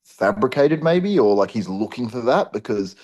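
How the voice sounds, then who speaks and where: Male podcaster, mid pitch, chatty and giggly. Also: very animated, moderate pace, darkish tone. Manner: chatty, laughs often. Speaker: podcast co-host. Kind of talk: casual chat.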